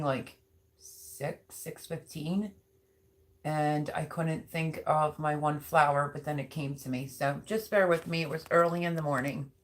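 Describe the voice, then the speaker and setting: Middle-aged woman, deep speaking voice, easygoing rambling host of a home live chat. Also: a bit bright. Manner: chatty, rambling, many ums. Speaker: livestream host. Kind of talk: casual live chat reading comments.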